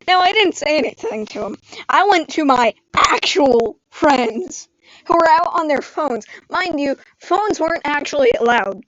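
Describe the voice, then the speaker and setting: A woman vlogger telling a story on a live stream in an animated way, acting out the lines people said. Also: sits high, moderate pace, no echo, muffled recording. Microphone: screen-recorded live stream mic.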